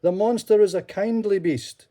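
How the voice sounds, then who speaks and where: An older woman voicing a kind, earnest village man who pleads to protect a gentle creature, in a storybook reading. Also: mid-range voice, moderate pace, voice pushed up, lightly acted. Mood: pleading.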